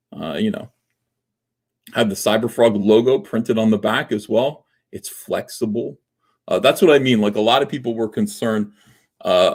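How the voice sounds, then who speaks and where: A man hosting a casual livestream, rambling and joking with lots of fillers. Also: lowish voice. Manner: rambling, jokey, filler-heavy. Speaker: livestream host.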